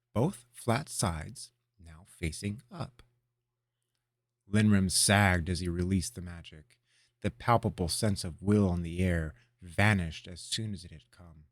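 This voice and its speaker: A man narrating a fantasy story aloud in a measured, expressive storytelling manner. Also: low-pitched, dry recording, studio quality. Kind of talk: audiobook reading of a fantasy story.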